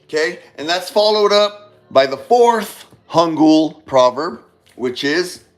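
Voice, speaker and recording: A man's voice: a little high, expressive, takes it slowly, soft background music. A man giving a casual motivational talk, rambling and repeating himself, swearing now and then and calling listeners brother. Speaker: speaker giving a monologue on love.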